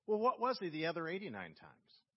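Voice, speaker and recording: A male pastor giving a sermon, telling a story with slow, emphatic phrasing. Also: a little high, huge pitch swings, slightly rough. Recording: long reverb in a church hall, dull lo-fi sound.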